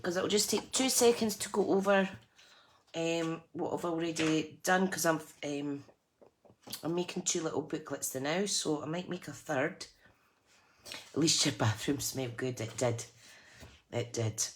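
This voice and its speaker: A woman's voice: low voice, measured pace, a little hiss or hum. A woman hosting a live crafting tutorial, chatty and self-deprecating, laughing often as she works. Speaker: craft channel host.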